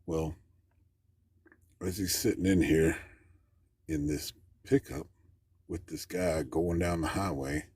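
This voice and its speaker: A man with an extremely deep, husky voice tells a story as a caller. His talk is plainspoken and rambling, with folksy grammar. The sound is close and dry. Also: slow pace, pauses often, darkish tone, dry recording. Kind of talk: casual storytelling.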